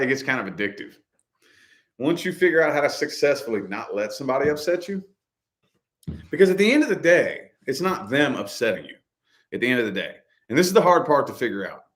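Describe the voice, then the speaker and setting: A middle-aged man hosting a casual chat, talking loosely and repeating himself, full of dude and man. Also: medium pitch. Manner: loose, repetitive, slangy, says dude and man. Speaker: podcast co-host.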